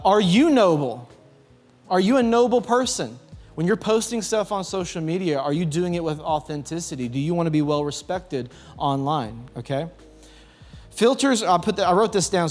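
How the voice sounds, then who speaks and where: Southern man preaching in a reverberant hall. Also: sits high. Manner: asks the audience questions and calls for responses. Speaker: youth pastor. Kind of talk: youth sermon. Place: church youth hall. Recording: long hall reverb, faint music behind.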